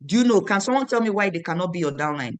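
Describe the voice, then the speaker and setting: A woman's voice: on the low side, expressive, quick pace, a little hiss or hum. A woman, leading a motivational training for her team, emphatic and repetitive, quizzing her listeners.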